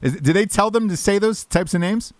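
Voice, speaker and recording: Animated swearing podcast host, man. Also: high voice, brisk, dry recording, clean studio sound. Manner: animated storytelling, profane. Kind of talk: casual podcast chat.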